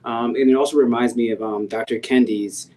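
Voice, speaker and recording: A man moderating a panel, responding to a speaker and asking the next question calmly. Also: medium pitch, a little hiss or hum, low-quality recording. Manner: calm, measured, with ums.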